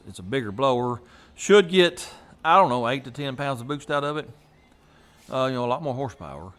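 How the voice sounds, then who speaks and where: A man's voice: mid-range voice, fairly bright tone. A man hosts a casual garage vlog, folksy and thinking aloud as he works in a home garage. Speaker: garage channel host.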